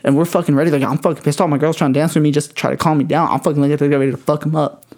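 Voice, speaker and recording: Fast-talking profane man telling stories. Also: on the high side. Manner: profane, animated storyteller. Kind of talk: casual storytelling chat.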